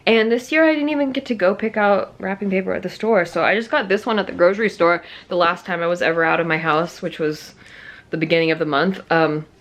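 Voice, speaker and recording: Self-mocking woman vlogger, lower voice. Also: fairly even intonation, fast talker. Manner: rambling, self-mocking venting with frequent "like". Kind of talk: casual vlog chat. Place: at home.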